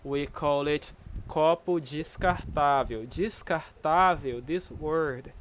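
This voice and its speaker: This online language lesson comes from a Brazilian man whose voice sits on the high side and moves at a slow pace. Teaching Portuguese in Brazilian-accented English, he is patient and keeps asking "okay?"; the recording is low quality with some hiss or hum.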